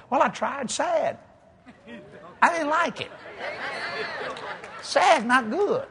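A man with a Cajun accent from South Louisiana, preaching a sermon full of jokes and laughter. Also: sits high. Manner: animated, joking storyteller who laughs at his own lines. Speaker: guest preacher. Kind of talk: humorous sermon.

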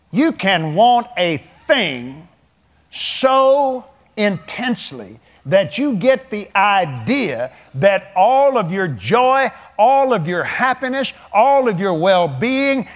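A man in his seventies, his voice high and a bit bright, preaches a folksy sermon. He spins stories with a chuckle, drawling in plain colloquial speech.

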